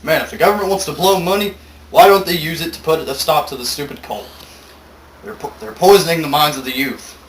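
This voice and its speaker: A man's voice: a little high, fairly quick, roomy sound, a little hiss or hum, poor audio. Joking young man reading a story aloud. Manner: playful, mock-dramatic, interjects wisecracks. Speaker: story reader.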